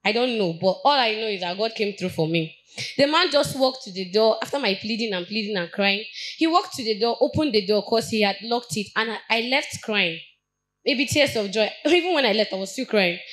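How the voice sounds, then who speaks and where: A woman's voice: medium pitch, expressive, fairly bright tone, low-quality recording. Earnest young Nigerian woman testifying. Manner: earnest, halting with frequent restarts and repetitions. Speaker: church member giving testimony. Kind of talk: personal testimony at a Bible study.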